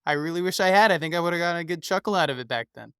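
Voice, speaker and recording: A man's voice: on the high side, rapid-fire, fairly bright tone, clean tone, dry recording, studio quality. A young man co-hosting a podcast, affable and easygoing. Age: young adult. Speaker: podcast co-host. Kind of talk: casual news podcast chat.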